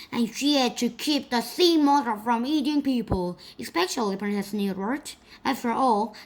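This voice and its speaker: A woman reading a children's storybook aloud in a slow, careful way. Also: on the high side. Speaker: storybook reader.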